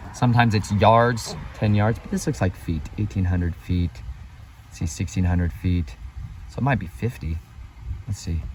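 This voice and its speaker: Excitable preachy man over vehicle noise. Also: mid-range voice, rough recording. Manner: excitable, sermon-like, exclaiming at scenery. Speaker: vlogger. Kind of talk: preachy outdoor travel vlog.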